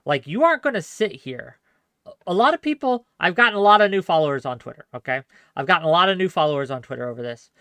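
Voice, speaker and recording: A man hosts a live call-in debate stream. He talks bluntly and with emphasis, and sometimes swears. His voice is a little high and bright, recorded dry and close to the mic. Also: dry recording.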